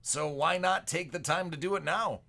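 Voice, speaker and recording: A man's voice: on the high side, normal speed, vocal fry, pushed and bright. A man hosting a sports card break livestream, chatting and joking casually with his viewers.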